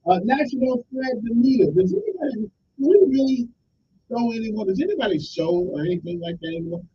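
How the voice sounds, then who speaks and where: A man's voice: fairly quick, slightly rough. A middle-aged man, hosting a radio talk show in a joking, rambling monologue. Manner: joking, rambling, animated delivery. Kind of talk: casual call-in radio monologue. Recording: dull lo-fi radio sound with faint rumble.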